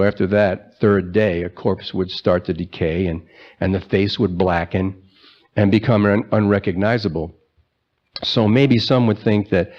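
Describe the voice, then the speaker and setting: A man preaching a sermon, retelling the scripture story in a conversational way and slowing down for the key lines. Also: lowish voice, highs cut off. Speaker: pastor.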